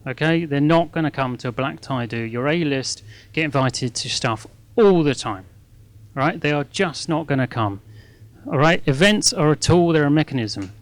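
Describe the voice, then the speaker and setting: The speaker is a middle-aged man with a fairly high, expressive voice, talking at normal speed with no echo as a guest at a fundraising masterclass. Before a live audience he chats freely, mocks himself, and keeps asking "okay?".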